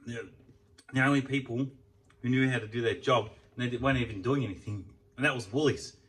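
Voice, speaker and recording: A man's voice: mid-range voice, fairly quick, a bit bright, far from the mic. A young Australian man ranting in a casual vlog, heated and swearing a lot. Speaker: vlogger. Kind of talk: casual venting rant.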